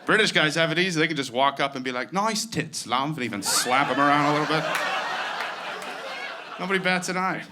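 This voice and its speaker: A man's voice: a little high, fast, pauses often, over a noisy crowd, very noisy. A man doing stand-up comedy in a wry, conversational way.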